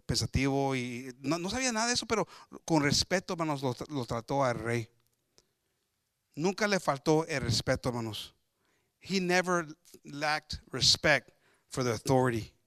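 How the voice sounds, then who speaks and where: This preacher's mid-range voice is a bit bright, captured in a dry, clean studio recording. He gives an emphatic, repetitive bilingual sermon, switching between Spanish and English and often calling out to his congregation as brothers.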